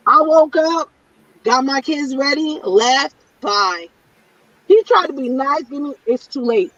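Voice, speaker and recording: Woman, middle-aged, high voice, blunt, emphatic, repetitive, casual chat, dry distant lo-fi sound. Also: animated, a little slow, fairly bright tone, no room sound. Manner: blunt and emphatic, repeats her points. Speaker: panelist in a women's chat. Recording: distant, dull lo-fi audio.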